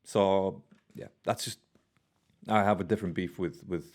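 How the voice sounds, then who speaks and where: A man's voice: sits low, steady tone, moderate pace, noisy background. A man with a British accent hosting a music reaction channel, talking casually in a blunt, rambling way with fillers and swearing. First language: Albanian heritage, also speaks Albanian.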